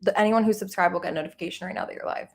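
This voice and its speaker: Fast-talking woman with a gravelly edge. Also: on the low side. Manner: quick, chatty asides. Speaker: off-camera helper reading comments.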